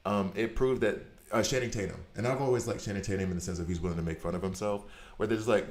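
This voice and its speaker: Deep-voiced man telling animated stories. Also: fast talker. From United States. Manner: animated storyteller, rambling tangents. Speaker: gaming streamer. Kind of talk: casual chat while gaming. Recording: echoey room.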